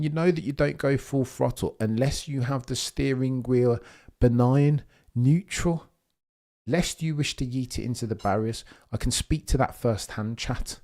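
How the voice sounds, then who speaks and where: A young man hosting a live race watchalong, talking excitably and rambling while he reads out viewers' chat comments. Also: mid-range voice. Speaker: live stream host.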